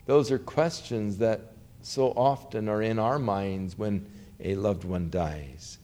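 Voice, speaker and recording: A man preaching a sermon, slow and dramatic, with rising questions and hushed quotes. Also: fairly low pitch. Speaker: pastor.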